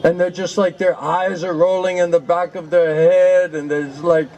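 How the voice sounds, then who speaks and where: A man telling a humorous anecdote to listeners, with slow, drawn-out delivery, laughter and mock-pleading repetitions. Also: sits high, flat delivery, a little mellow, slight background noise, low-quality recording. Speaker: storyteller to an audience.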